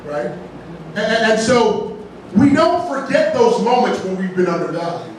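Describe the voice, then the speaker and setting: Big pitch swings mark this high-sitting male voice as a pastor delivers a folksy, joke-laced sermon at a moderate pace, frequently tossing in "right?". The sound comes from a large, very echoey church sanctuary, captured on a distant mic with a little background noise.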